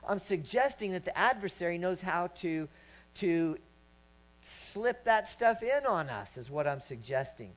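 A man preaching a sermon, telling a personal story and rising to loud shouts as he acts it out. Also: high-pitched, big pitch swings, a little slow. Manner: storytelling, swelling to shouts when acting out his story. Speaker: pastor. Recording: dull lo-fi recording with mains hum.

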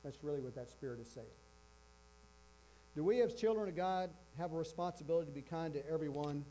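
A man's voice: a little high, brisk, mellow. A man preaching a sermon with emphasis, repeating his key phrases. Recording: dull lo-fi with faint electrical hum.

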